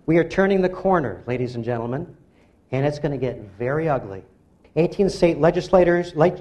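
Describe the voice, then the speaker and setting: A man's voice: fairly high pitch, a little mellow. A man, an author giving a public talk, delivering an emphatic, rallying lecture that exhorts his audience.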